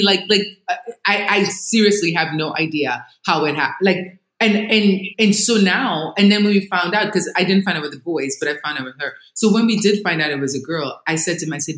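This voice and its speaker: A woman in her thirties, a guest in a casual chat, telling lively family stories and acting out quotes. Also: on the low side, fairly quick. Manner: animated storytelling with acted-out quotes. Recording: roomy echo.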